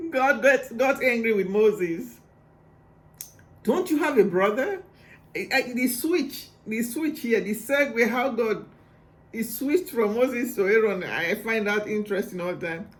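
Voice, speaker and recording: High-voiced man, devotional Bible commentary, laughs a lot, excitable. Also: a little slow. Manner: laughs often, excitable and animated. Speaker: preacher.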